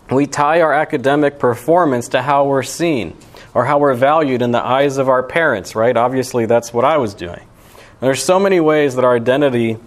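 A young man giving a sermon as pastor, talking in a casual, conversational way with lots of "you know" and "right". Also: medium pitch. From Alabama.

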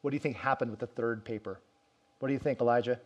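A male pastor preaches, narrating a story and performing quoted lines with emphasis that rises and falls. His medium-pitched voice holds a steady tone and moves fast.

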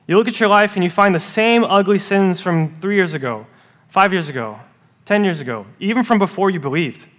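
A man preaching a sermon as pastor, earnest, rising to emphatic peaks and dropping to hushed, quiet lows. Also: moderate pace. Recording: long reverb of a church hall.

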